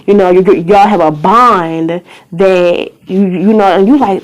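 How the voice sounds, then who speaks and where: A woman's voice: mid-range voice, measured pace, low-quality recording. A young woman vlogger giving an emotional personal testimony, earnest and pleading, tearful at times, sometimes dropping to a whisper.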